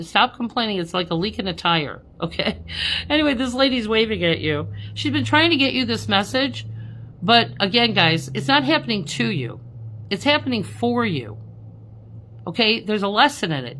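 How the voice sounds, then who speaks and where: A woman's voice: fairly high pitch, pushed and bright, slight background noise. Chatty woman medium, full of "okay?". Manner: chatty, laughing, says "okay?" constantly. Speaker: spiritual medium. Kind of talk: live-stream reading to viewers.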